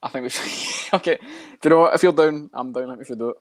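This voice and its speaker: A man co-hosting a podcast, chatting fast and loose with lots of swearing and jokes. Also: medium pitch, no echo, studio quality. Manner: fast, swearing banter, doing fighter impressions. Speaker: podcast co-host. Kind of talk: casual chat.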